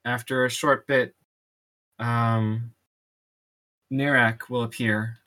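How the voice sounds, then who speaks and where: A man running a tabletop game as game master, narrating slowly with many pauses and fillers. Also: mid-range voice, little pitch movement, bright, forceful tone. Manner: hesitant, full of ums and pauses.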